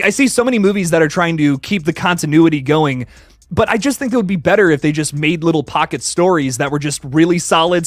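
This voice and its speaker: A young man hosting a casual live stream, chatting excitedly with viewers and greeting them by name. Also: high voice, no room sound, studio quality. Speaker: livestream host reviewing films.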